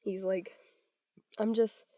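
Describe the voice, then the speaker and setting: A woman's voice: medium pitch, slow, no room sound. Young woman telling a ghost story, very dry sound. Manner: animated storyteller, acts out quoted voices, swears casually. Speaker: podcast co-host. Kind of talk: casual storytelling chat.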